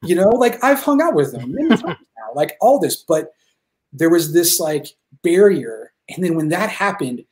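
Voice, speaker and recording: A man talking as a guest filmmaker in a casual interview, excited and rambling, swearing freely as he tells stories. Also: fairly high pitch, moderate pace.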